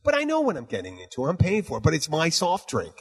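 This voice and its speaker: A man's voice: fairly high pitch, wildly swooping pitch, quick pace, slightly rough. Blunt, emphatic man hosting a bar podcast. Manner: emphatic, blunt, profane, repeats "you know what". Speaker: bartender podcast host. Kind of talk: casual chat.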